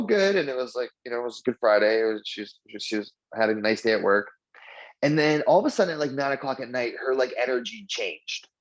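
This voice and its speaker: A mindfulness trainer with a mid-range voice teaches a casual lesson, chatty and full of fillers, acting out the dialogue in his stories with lively voices. The sound is lo-fi.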